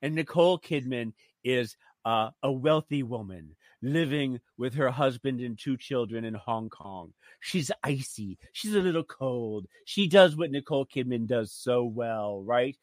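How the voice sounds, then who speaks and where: A man co-hosting a radio talk show, chatting and recapping a TV series in an animated way, often stammering and restarting. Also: measured pace, few pauses, dry recording, clean studio sound. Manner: animated, acts out dialogue in shrill voices when retelling scenes. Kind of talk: casual chat reviewing a TV series.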